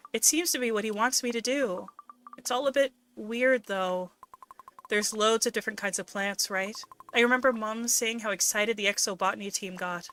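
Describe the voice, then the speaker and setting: A weary teenage girl, unsure of herself and given to hesitant, trailing lines as a woman reads her part. The voice is bright and fairly high. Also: a little hiss or hum. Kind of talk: reading game dialogue aloud on a stream.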